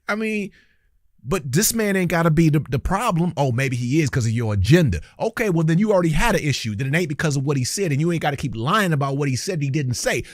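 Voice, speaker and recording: A man's voice: on the high side, no room sound, clean studio sound. Heated, preachy male commentator. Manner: preachy, heated, colloquial, addresses viewers directly. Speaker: commentary channel host. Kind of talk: reaction commentary.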